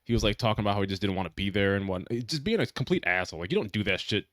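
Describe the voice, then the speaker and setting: A man's voice: on the low side, big pitch swings, rapid-fire, no room sound. A young man co-hosting a podcast, chatting in a laid-back way and swearing casually. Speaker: podcast co-host. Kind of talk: casual chat.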